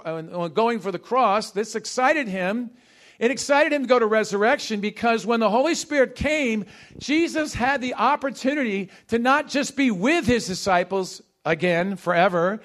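High-voiced man preaching a sermon. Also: fairly bright tone. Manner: call-and-response, has the congregation repeat phrases; emphatic, swings between fast bursts and slow stresses. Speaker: pastor.

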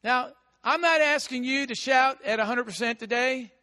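A high, bright-voiced American pastor preaching with a big voice that jumps from fervent shouts to quiet asides. His words ring out with a long reverb through a church hall. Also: normal speed. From United States. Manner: big voice that swings between shouting and hushed asides. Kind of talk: sermon.

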